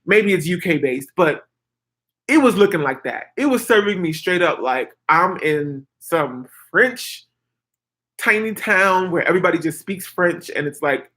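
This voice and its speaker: Here a woman in her 20s, a vlogger, relays a story to viewers with casual, animated energy, leaning heavily on "like" and "girl." Her pitch is fairly low, and she takes her time.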